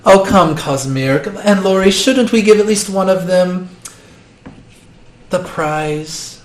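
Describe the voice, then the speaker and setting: A man's voice: sits high, slow pace, voice pushed up. A man voicing a glamorous, sultry female professor who teases the students playfully. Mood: teasing. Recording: roomy room with faint noise.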